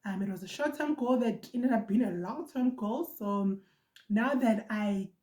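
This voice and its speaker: A young woman with a South African accent tells a personal story to her viewers in a casual, animated vlog style, talking fast in bursts and repeating lines for emphasis. Her voice is soft and mellow rather than bright, and it rings out in a roomy, echoey space. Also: mid-range voice. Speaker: vlogger.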